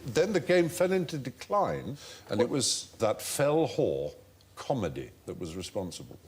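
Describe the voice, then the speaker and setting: Lively storytelling man hosting a quiz. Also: mid-range voice, moderate pace, slight background noise. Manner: animated anecdotal, puts on voices for quotes. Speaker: quiz show host. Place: TV studio before an audience.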